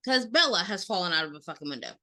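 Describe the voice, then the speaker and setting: Bright, animated woman telling a story. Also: lowish voice, very fast. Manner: animated storyteller, acts out quotes, swears freely. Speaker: podcast co-host. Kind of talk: casual storytelling chat.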